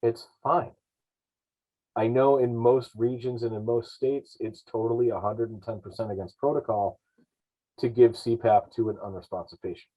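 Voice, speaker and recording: A man's voice: medium pitch, steady tone, normal speed, mellow. A man on a podcast explaining paramedic practice in a rambling, self-correcting way. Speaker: paramedic guest. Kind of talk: podcast discussion. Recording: dull lo-fi podcast audio.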